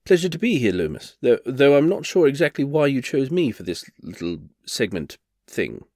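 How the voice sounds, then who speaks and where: A man's voice: medium pitch, big pitch swings, normal speed, a little mellow, no echo, clean studio sound. A man voicing a flustered male bard turned reluctant duke, who stammers and hesitates nervously.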